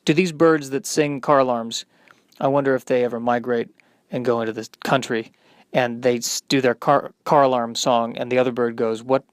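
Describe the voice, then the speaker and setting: Halting, self-deprecating comedic man. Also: mid-range voice, dry recording, clean studio sound. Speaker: podcast host. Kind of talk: comedic monologue.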